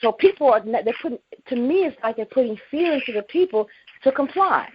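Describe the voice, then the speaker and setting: A woman calling in to a talk show, chatting excitedly and gushing, repeating herself as she tells her story. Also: sits high, brisk, crowd noise. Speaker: caller. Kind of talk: excited call-in chat. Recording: muffled phone line with faint hiss.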